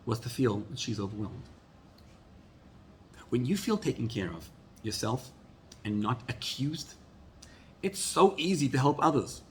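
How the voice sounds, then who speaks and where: A male rabbi giving an earnest, animated sermon. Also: medium pitch, a little hiss or hum. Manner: earnest, animated storytelling with acted quotes.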